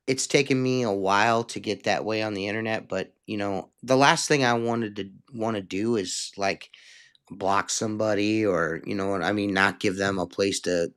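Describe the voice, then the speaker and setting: A man's voice: fairly low pitch, moderate pace, fairly bright tone, smooth. A man in casual chat who rambles and keeps checking in with the listener. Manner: rambling, keeps saying "you know what I mean".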